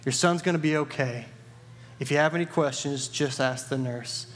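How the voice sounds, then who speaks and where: A man voicing a calm, weary male doctor who speaks quietly and gently. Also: medium pitch, moderate pace, long reverb tail, close to an everyday voice. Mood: hurried.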